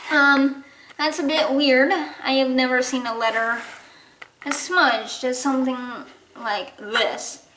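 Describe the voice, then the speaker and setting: A woman's voice: high-pitched, steady tone, slow pace, bright, forceful tone, reverberant, slight background noise. A woman improvising a toy-horse role-play, playfully switching between character voices and giggling now and then. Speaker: toy horse video creator voicing every character.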